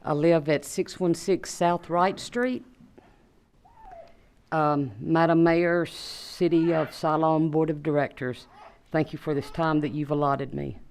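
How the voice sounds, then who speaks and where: A woman from South Arkansas reading a prepared statement at a podium microphone during public input, polite and deliberately measured. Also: low-pitched, fairly even intonation, a little mellow, slight background noise. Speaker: resident speaking at public input.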